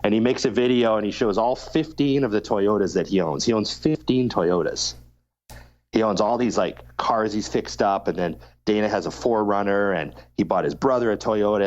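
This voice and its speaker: Low-voiced man telling a story, lo-fi. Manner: animated storyteller, swears freely. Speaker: podcast co-host. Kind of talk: casual podcast chat.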